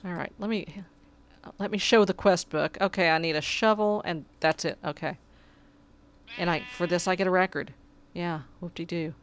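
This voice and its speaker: A woman's voice: fairly low pitch, fairly even intonation, moderate pace, a little hiss or hum. A woman giving casual, chatty commentary while she plays a video game, talking back to the creatures and getting exasperated. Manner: sarcastic asides. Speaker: gameplay commentator.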